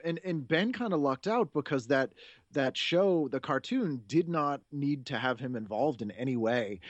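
A man's voice: mid-range voice, dry recording, dull audio. Enthusiastic podcast host in his forties, dry sound. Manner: enthusiastic, rambling, laughs often. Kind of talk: casual chat.

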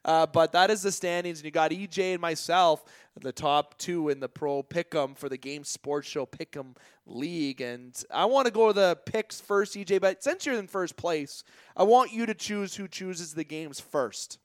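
Guy hosting a sports pick'em podcast, kinda high voice, jokes at himself, rattles off picks. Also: normal speed, dry recording. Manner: joking, self-deprecating, rattles off picks. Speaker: podcast host. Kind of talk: casual sports podcast chat.

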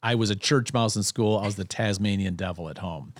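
A man with a lowish voice recorded close and dry, chatting casually. He tells stories in an animated, self-deprecating way, often restarting his sentences. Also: brisk, dry recording. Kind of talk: casual conversation.

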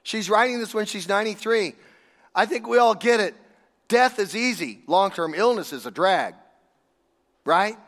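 A man's voice: high voice, lively intonation, normal speed, pauses often, fairly bright tone, long reverb tail. A man preaching a sermon in a conversational, emphatic way, stopping for rhetorical questions.

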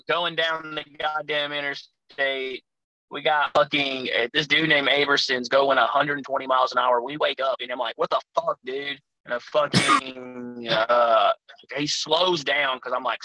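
A man's voice: medium pitch, bright, forceful tone, no room sound, poor audio. A man telling rowdy, profane road stories as a guest on a casual podcast. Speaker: guest, pro wrestler.

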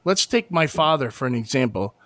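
On a dry recording, a podcast co-host with a medium-pitched, slightly bright, animated voice debates casually. He halts a lot, restarts often, uses plenty of fillers, and laughs frequently.

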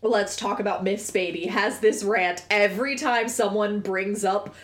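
A woman's voice: medium pitch, fairly even intonation, unhurried. A woman co-hosting a podcast in casual chat, wry and dry, explaining books with literary references. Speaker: podcast co-host.

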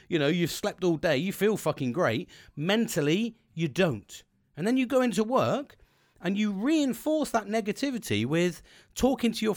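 A man hosting a podcast, giving a casual, sweary motivational talk into a home mic setup. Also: high-pitched. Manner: heavy swearing, animated, acts out quoted people. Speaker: podcast host.

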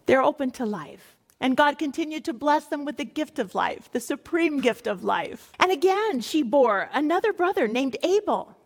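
A middle-aged woman leading a Bible study, her voice pitched a touch high. She talks conversationally, reading scripture aloud and weaving in stories from her own family life. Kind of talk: scripture teaching talk.

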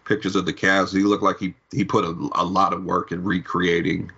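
A man co-hosting a podcast in casual chat, talking haltingly and repeating words, with a husky voice. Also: low-pitched, little pitch movement, pushed and bright. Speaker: podcast co-host. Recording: slightly dull podcast audio.

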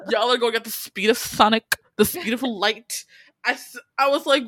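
A woman, casually recapping a TV series in animated, exasperated storytelling. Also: a little high, moderate pace, no echo. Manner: animated, swearing, exasperated storytelling with quoted reactions.

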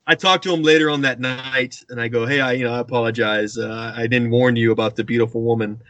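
Male storyteller, animated, close dry sound, acts out quotes. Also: mid-range voice, quick pace, few pauses, no room sound. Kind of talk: casual anecdote telling.

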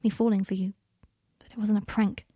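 A woman plays a young man full of remorse, pleading in low, earnest, hushed tones. The voice is husky and breathy, mid-pitched, dry and close. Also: little pitch movement, a little fast, dry recording, natural voice.

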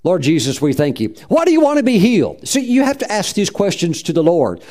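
A middle-aged male pastor preaches with fervent conviction, his voice mellow and warm, sitting a little high for a man. He punctuates his points with "praise God" and acts out the voices he quotes. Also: wildly swooping pitch, brisk. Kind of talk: sermon.

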